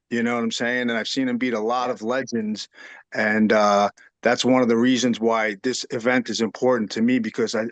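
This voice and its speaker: A man's voice: medium pitch, a bit bright, no room sound. A man from New York City, an event promoter, talking plainly about himself and stumbling now and then. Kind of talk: casual interview on a call.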